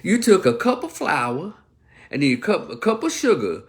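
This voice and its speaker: A man's voice: fairly high pitch, huge pitch swings, moderate pace. A man from Memphis, ranting heatedly to his livestream viewers and swearing often. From Memphis, Tennessee. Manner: heated, profane, addresses viewers directly. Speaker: livestream commentator. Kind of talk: livestream opinion rant.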